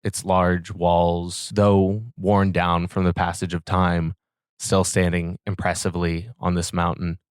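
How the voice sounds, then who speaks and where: Deep, slow-talking male game master. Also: monotone, clear, resonant tone, dry recording, studio quality. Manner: slow, descriptive scene-setting. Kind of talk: narrating a tabletop game.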